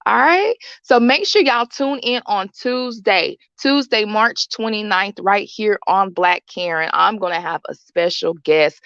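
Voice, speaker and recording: A woman's voice: fairly low pitch, vocal fry, a bit bright, no echo, lo-fi sound. A woman in her late thirties hosting her own show, giving a rambling, repetitive, heartfelt motivational talk. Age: late 30s. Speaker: show host.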